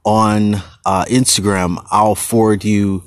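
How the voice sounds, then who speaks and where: A man hosting his own podcast, talking casually and rambling into tangents with a husky voice and slangy manner. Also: on the low side, flat delivery, slow, no room sound. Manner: goes on tangents, restarts, slangy. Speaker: podcast host.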